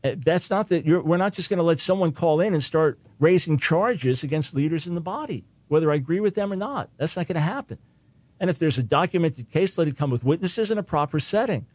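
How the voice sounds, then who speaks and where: A man's voice: a little high, expressive, fairly quick, a little mellow, no room sound. A man hosting a talk radio show, arguing his points emphatically and repeating them for stress.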